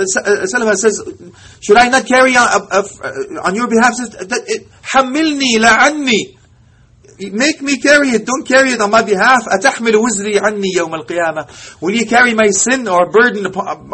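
Telling a story during a sermon, this male preacher speaks in a high, husky voice, impassioned, frequently dropping to a whisper and mixing Arabic phrases into his words.

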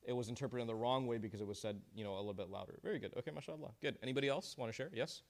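A man leads a group lesson, cracking jokes and cheering on each answer. His voice sits at an everyday middle pitch. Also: very fast. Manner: joking, encouraging, uses Islamic phrases. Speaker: teacher leading a class. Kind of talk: interactive class discussion.

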